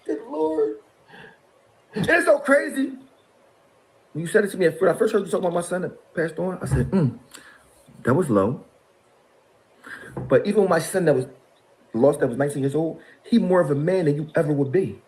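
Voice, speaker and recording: Animated high-voiced man ranting mockingly. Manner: mocking, exasperated, laughing between jabs. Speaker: interview guest. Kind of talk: heated call-out rant.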